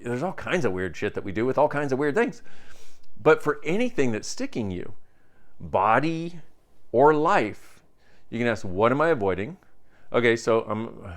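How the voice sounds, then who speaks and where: A man's voice: medium pitch, very animated, moderate pace. A tired man giving a rambling, jokey, casual update straight to camera as a self-help teacher, often breaking off mid-thought.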